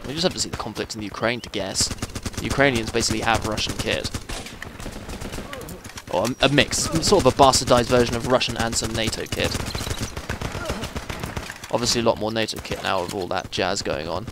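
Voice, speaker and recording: A man's voice: lowish voice, fairly quick, pauses often, noisy background. A young man giving rambling, chatty commentary while playing a military shooter. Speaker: gameplay commentator. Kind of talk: casual gameplay commentary. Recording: gameplay gunfire and explosions behind.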